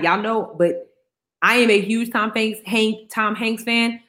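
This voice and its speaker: A woman's voice: on the high side, measured pace, a bit bright. A woman co-hosting a podcast in casual chat, emphatic and slangy, repeating her punchlines for effect. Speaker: podcast co-host.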